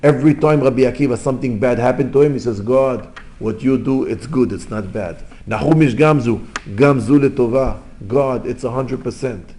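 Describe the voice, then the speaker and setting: A rabbi giving an informal Torah lesson in English, mixing in terms and telling stories, jumping between loud exclamations and quiet asides. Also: male voice, mid-range voice, normal speed, hardly any pauses, slight background noise. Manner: non-native English with Hebrew terms. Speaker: rabbi teaching.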